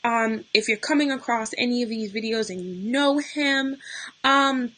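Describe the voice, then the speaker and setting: Tearful woman talking live, bright voice. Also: a little high, unhurried, poor audio. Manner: tearful, talking through grief, greets viewers mid-sentence. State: losing her voice, near tears. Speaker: livestream host. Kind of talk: unscripted emotional live talk.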